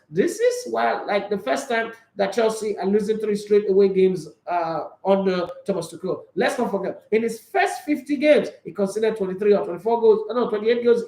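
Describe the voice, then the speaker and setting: Emphatic football show host. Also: male voice, sits high, normal speed. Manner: animated, emphatic, rhetorical questions. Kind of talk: opinionated football commentary. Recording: roomy echo.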